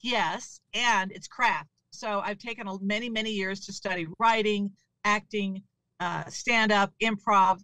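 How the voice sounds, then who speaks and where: A woman's voice: medium pitch, fairly even intonation, a little slow, pushed and bright, no room sound. A woman being interviewed as a comedian and author, speaking candidly in a conversational way. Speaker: actress, comedian and author guest. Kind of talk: casual interview chat.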